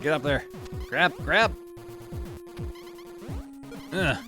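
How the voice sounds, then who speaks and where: A man's voice: on the high side, lively intonation, extremely slow, over music. A man livestreaming a game, chatting with amusement and reading out gifted subs. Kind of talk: casual game commentary.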